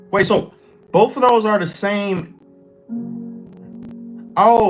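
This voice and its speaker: A man's voice: fairly high pitch, big pitch swings, measured pace, pauses often, a bit bright, faint music behind, rough recording. A man hosting a livestream, chatting loosely and profanely while reacting to his chat. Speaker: livestream host. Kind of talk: casual chat with stream chat.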